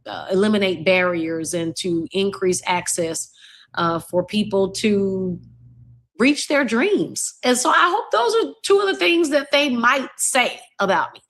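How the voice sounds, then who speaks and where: Guest, woman, university leader, warm and gushing, mid-range voice. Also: medium pitch, animated, measured pace. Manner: warm, reflective, gushing praise. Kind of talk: casual interview chat.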